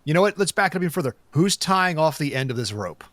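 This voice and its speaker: Chatty game master with a dry sound. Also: male voice, a little high, very animated, fast, a bit bright, no room sound. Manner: laughing, crude banter. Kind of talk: comedic tabletop game narration.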